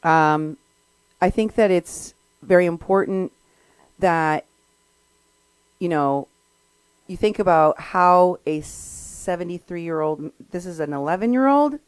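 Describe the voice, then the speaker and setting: A woman's voice: on the low side, expressive, slow, pauses often, smooth, no echo, low-quality recording. A woman host speaking earnestly and emphatically in talk commentary.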